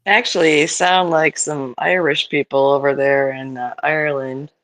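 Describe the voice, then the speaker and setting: A man from the United States co-hosting a live chat, rambling with halting starts. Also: a little high, steady tone, fairly bright tone. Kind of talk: casual chat.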